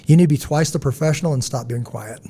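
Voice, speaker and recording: A man hosting a podcast, talking in a blunt, emphatic, preachy way with a husky voice. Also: medium pitch, fast, warm tone. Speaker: podcast host. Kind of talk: casual podcast discussion.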